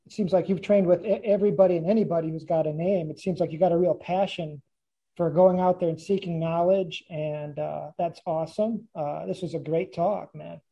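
Husky, very dark-voiced podcast host. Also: mid-range voice, fairly even intonation, a little fast, lo-fi sound. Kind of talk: casual interview chat.

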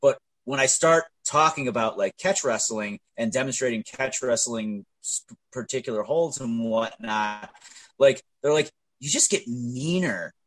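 A man's voice: mid-range voice, unhurried, fairly bright tone, dry recording, low-quality recording. A man speaking as a guest on a podcast, casual and hesitant, stumbling over the first words of his sentences. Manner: hesitant, stammering restarts. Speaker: podcast guest and grappling coach.

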